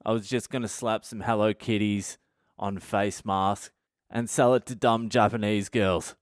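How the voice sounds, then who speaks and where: A man's voice: fairly low pitch, fairly even intonation, measured pace, dry recording, clean studio sound. A middle-aged Australian comedian hosting his own podcast, telling stories in a profane, ranting, self-mocking monologue. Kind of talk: comic storytelling monologue.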